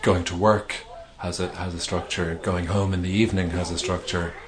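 A man's voice: low voice, level tone, moderate pace, a crowd in the background. A middle-aged male author being interviewed, talking thoughtfully with hesitations and restarts. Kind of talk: reflective conversational interview.

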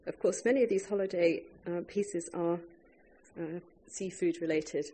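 Husky-voiced author reading aloud. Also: mid-range voice, normal speed, warm tone. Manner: wry, breaks off for chatty asides. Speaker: author reading their own writing. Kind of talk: reading aloud to a live audience.

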